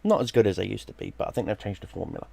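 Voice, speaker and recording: A middle-aged man tells a story in a fairly low voice. He swears freely and acts out the people in it. The sound is dry and close. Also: very fast, creaky, mellow, husky, no echo. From London, England. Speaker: streamer. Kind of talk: casual storytelling.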